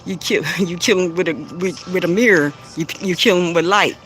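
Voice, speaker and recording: A man's voice: high voice, steady tone, moderate pace, a bit bright, faint music behind. A man hosting a live stream with speech, bluntly taunting commenters, laughing often and repeating himself. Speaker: live stream host giving spiritual readings. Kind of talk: casual live-stream talk addressing commenters.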